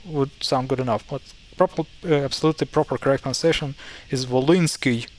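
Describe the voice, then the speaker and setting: A man's voice: medium pitch, faint music behind, poor audio. A man with a Ukrainian accent casually explaining how words are pronounced, stopping and correcting himself often. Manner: halting, self-correcting, thinks aloud. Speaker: language teacher.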